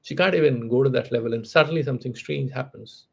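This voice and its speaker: Male spiritual lecturer, husky and gravelly, storytelling with conversational fillers. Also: medium pitch, quick pace. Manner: conversational, with frequent "you know" fillers and restarts. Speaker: spiritual teacher.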